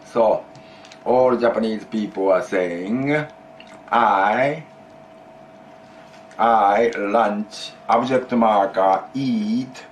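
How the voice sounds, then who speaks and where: A man's voice: lowish voice, very slow, long pauses, a little hiss or hum. A man teaching a Japanese grammar lesson in English, explaining patiently, repeating key phrases and prompting his student to answer.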